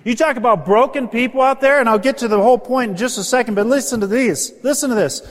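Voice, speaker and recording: Motivational speaker, male, high voice, earnest and emotional storytelling, big reverberant hall. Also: fast talker. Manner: earnest, emotional, rises in pitch when stirred. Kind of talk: storytelling speech to an audience.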